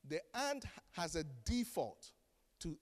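A man preaching a sermon as pastor, animated and joking, acting out the voices of the people he quotes. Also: sits high, takes it slowly, long reverb tail. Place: church.

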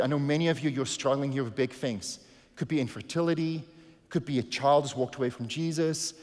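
Earnest male pastor in a reverberant hall. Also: fairly high pitch. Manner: earnest, shifts from hushed to emphatic. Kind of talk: sermon.

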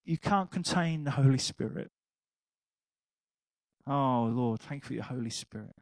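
An older man preaching a sermon, telling an anecdote with laughter and animated asides. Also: medium pitch, measured pace, no echo, rough recording. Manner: animated storytelling, laughing at his own anecdote.

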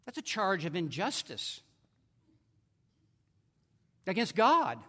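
A man preaching in a large hall, his voice high and sharply bright against the long reverb. He delivers his sermon emphatically, leaning hard into declarations and then dropping to quieter, intense asides. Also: wildly swooping pitch, takes it slowly. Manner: emphatic preaching, swinging between forceful and hushed.

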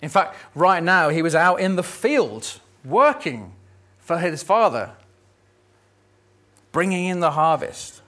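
A man's voice: on the high side, lively intonation, slow pace, pauses often, fairly bright tone. A man preaching a sermon, telling a Bible story in a conversational, lightly humorous way. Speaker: pastor.

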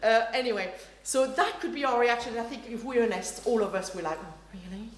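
Lively woman preaching in an echoey hall. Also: a little high, brisk. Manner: lively, animated, acts out quoted reactions, laughs often. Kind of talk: sermon. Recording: roomy hall echo, faint ambience.

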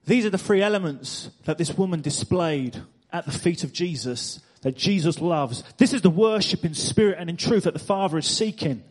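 High-voiced emphatic male preacher. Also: lively intonation, normal speed, few pauses, a little mellow. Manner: emphatic, repeats phrases, rhetorical questions to the congregation. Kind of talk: sermon. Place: church stage before a congregation.

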